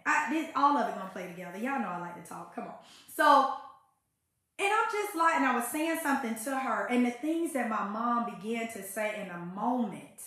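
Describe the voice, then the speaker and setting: A woman's voice: a little high, bright, forceful tone. A woman sharing a personal faith testimony in an emphatic, conversational way. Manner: emphatic, conversational, folksy exclamations. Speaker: faith podcast host. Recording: very echoey room.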